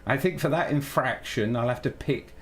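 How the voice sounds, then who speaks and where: A man streaming live while programming, thinking aloud in a halting way that keeps breaking off mid-sentence. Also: mid-range voice. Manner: halting, self-interrupting, muttering while working.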